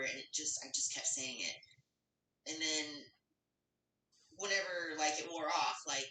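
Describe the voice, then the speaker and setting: A woman's voice: deep voice, bright, forceful tone. A young adult woman guest telling a personal story in a rambling way, full of restarts and "like". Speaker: guest, bodybuilder. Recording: roomy, from a distance.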